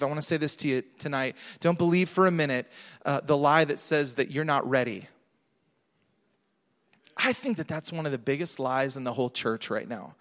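A man with a fairly high voice preaches in a church hall with long reverb. He swings between soft, close urging and loud, emphatic declarations. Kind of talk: sermon.

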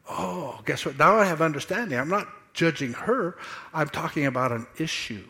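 Animated man preaching a sermon. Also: a little high, normal speed. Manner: animated preaching with playful asides and acted-out quotes. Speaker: pastor. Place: church sanctuary.

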